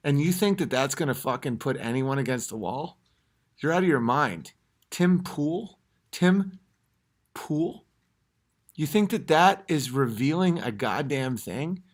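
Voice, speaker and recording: A man hosting a podcast from his home at night, ranting and swearing heavily, swinging between yelling and low muttering. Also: animated, measured pace, pauses often. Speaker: podcast host. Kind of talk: comedic rant.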